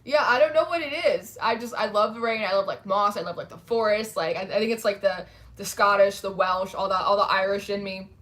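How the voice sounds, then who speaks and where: A woman's voice: medium pitch, steady tone, brisk, fairly bright tone. Chatty woman hosting a livestream. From New Jersey, USA. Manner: chatty, says "like" a lot. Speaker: tarot livestream host. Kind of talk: casual chat reading live comments.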